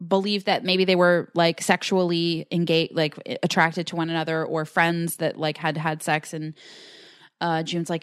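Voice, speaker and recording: Podcast co-host, female, low-ish register, casual recap delivery with quoted lines, dry booth sound. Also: a little slow, clean tone, no room sound. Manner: recounts scenes with acted-out quotes, many fillers.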